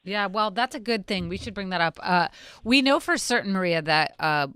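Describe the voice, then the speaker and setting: A friendly female co-host in easy banter, recorded dry and close. Her pitch sits in a middle range. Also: animated, moderate pace, a bit bright, clear, resonant tone, dry recording. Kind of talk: casual chat.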